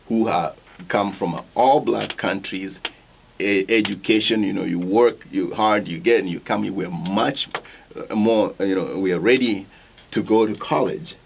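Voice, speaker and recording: A man from Africa answers questions in an interview with a gravelly, slightly low voice. He speaks in short, halting bursts and restarts often. He keeps checking in with his listener by asking "right?". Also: slight background noise. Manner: halting, frequent restarts, tags points with "right?". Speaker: interview guest.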